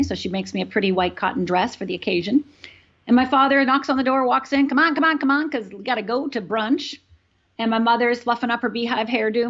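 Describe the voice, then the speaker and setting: A woman with a mid-range voice tells her own life story as a guest on an interview show. She speaks earnestly and stresses points by repeating them. The recording is dull and slightly lo-fi. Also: mid-range voice. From Upper Michigan, USA. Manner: earnest, emphatic, repeats phrases for weight. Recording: dull lo-fi sound.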